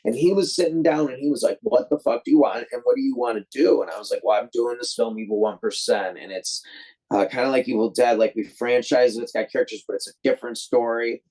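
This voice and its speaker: A man's voice: mid-range voice, fast talker, darkish tone, low-quality recording. A man from Detroit, a guest filmmaker, telling a long story in a loose, rambling way and acting out the voices of the people in it. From Detroit, USA. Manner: rambling, acts out quoted voices; loose, many fillers and restarts. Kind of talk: casual storytelling.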